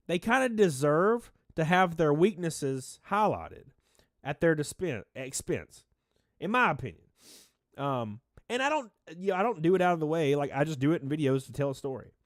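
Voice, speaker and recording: A stuffy-nosed man hosting a livestream, chatting loosely and calling out viewers by name. His pitch leaps up and drops back down, and he sounds a little out of breath. The recording is dry and close. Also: no echo. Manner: rambling, reads chat names aloud, shouts out donors. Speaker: livestream host. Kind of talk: casual livestream chat.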